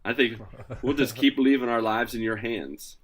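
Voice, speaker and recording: A man hosting a casual podcast, introducing his co-hosts with energetic, playful hype. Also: medium pitch, normal speed, a crowd in the background. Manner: energetic, hyped, playful announcer delivery. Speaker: podcast host.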